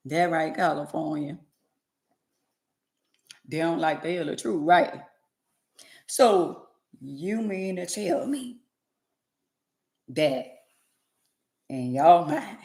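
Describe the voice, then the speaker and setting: A woman, talking straight to her livestream audience. She preaches in a sassy, blunt way and swings from loud to hushed. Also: lowish voice. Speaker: livestream host. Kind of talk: casual livestream rant to viewers.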